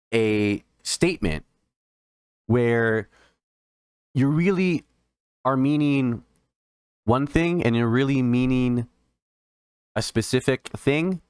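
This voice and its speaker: A man hosting a solo political commentary show, talking in an indignant, halting way with many restarts and repeated words, and audibly emotional, close to tears. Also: mid-range voice, no echo.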